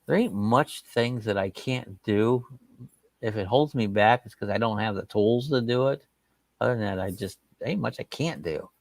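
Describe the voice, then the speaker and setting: A middle-aged man with a gravelly, slightly rough voice chats casually on a livestream, reading viewer comments aloud. His talk is folksy and rambling, with plain drawled grammar. The sound is dry and close, with little room to it. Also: on the low side, normal speed, no room sound. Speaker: livestream host.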